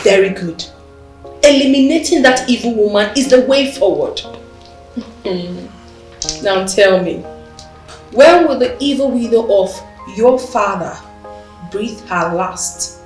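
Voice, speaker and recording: An actress with a Nigerian accent playing a scheming, sharp-tongued royal wife who mocks and presses with pointed questions. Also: female voice, medium pitch, lively intonation, slow, long pauses. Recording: roomy echo, mic at a distance, faint music.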